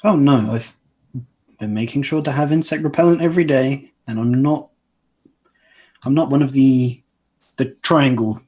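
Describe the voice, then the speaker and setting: A man's voice: medium pitch, moderate pace, long pauses, darkish tone. A man speaking in character in a tabletop game, hesitant and polite. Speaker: player.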